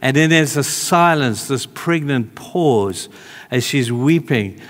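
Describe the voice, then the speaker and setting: Slow and expressive, a medium-pitched man delivers a sermon in a church hall. His conversational preaching swings from emphatic calls to soft, tender asides.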